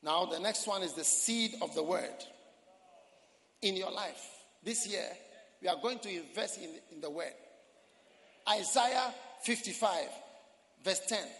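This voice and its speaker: Pastor, male, high and lively voice, sermon with sudden shouted bursts, long church reverb. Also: unhurried, pauses often. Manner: preaching with dramatic shouts and archaic scripture quotes.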